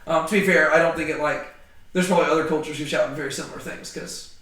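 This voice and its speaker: A fast-talking man with a high, slightly bright voice and fairly even intonation runs an informal group Bible study. He jokes around and leans heavily on ums and likes, recorded from afar in a roomy space.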